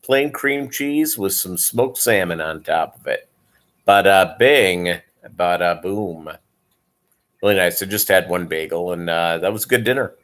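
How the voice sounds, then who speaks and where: A man's voice: sits low, lively intonation, moderate pace, a bit bright. A tired man hosting a casual livestream, rambling with lots of fillers while he chats with viewers. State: tired, yawning. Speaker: livestream host.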